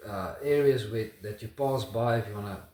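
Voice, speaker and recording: A man from South Africa hosting a casual interview, asking halting, hesitant questions. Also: fairly low pitch, dark tone, echoey room. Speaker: host.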